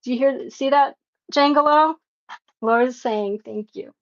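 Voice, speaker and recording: Slow, gravelly woman chatting while painting. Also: high-pitched, muffled recording. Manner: warm, emotional, laughs often, reads chat aloud. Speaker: livestream painting host. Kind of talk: casual live painting chat with viewers.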